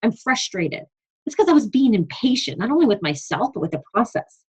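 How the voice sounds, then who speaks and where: A woman's voice: a little high, sing-song, fast talker, a little mellow, husky, low-quality recording. A young adult woman coach giving an earnest, emphatic motivational talk on a team call, reading from her notes. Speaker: fitness business coach leading a team call.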